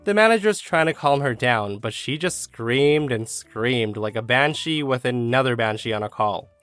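A man's voice: medium pitch, moderate pace, clear, resonant tone, dry recording. A man narrating reader-submitted stories in a scripted style, with casual asides between them. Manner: animated storytelling, casual asides. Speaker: story narrator. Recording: dry close mic with faint music.

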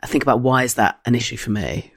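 Low-voiced jokey comedian woman. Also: quick pace, creaky, slightly rough. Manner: jokey, short quips and swooping laughs. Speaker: comedian co-host. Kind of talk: casual remote podcast chat.

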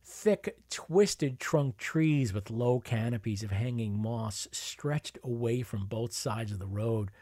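A man's voice: medium pitch, slow pace, few pauses, mellow, dry recording, clean studio sound. A man narrating a memoir in a wry, conversational storytelling manner. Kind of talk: memoir reading.

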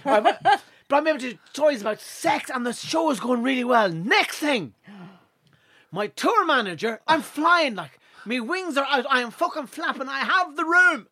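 A man with a West of Ireland accent, a stand-up comedian telling a casual, profane anecdote, swinging from low mutters to high excited bursts. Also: moderate pace, no room sound, studio quality. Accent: Irish, West of Ireland.

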